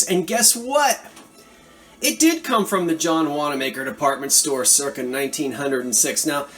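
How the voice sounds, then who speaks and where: Brief: excitable male antiques dealer, chatty show-and-tell, faint music under. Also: fairly high pitch. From Philadelphia area. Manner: animated, enthusiastic, chatty asides. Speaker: antiques seller showing a thrift haul. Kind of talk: casual show-and-tell vlog.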